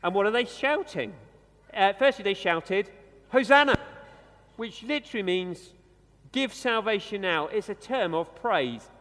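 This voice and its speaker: A man preaching a conversational sermon in a church, slowing down and dropping his voice for emphasis. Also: high voice. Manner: conversational, animated, with dramatic pauses and slowed emphasis. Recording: long reverb of a church hall.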